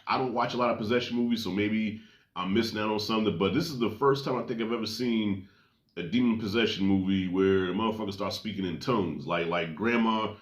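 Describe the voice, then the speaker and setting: A man giving a casual, profane, jokey movie review with lively storytelling. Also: lowish voice, brisk, echoey room. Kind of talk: casual spoken film review.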